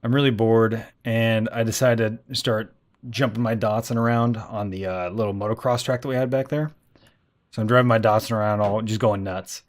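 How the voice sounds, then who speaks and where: A man's voice: fairly low pitch, fairly even intonation, normal speed. A man streaming a game live, telling rambling stories with lots of swearing and frequent laughter. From United States. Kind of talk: casual live-stream storytelling.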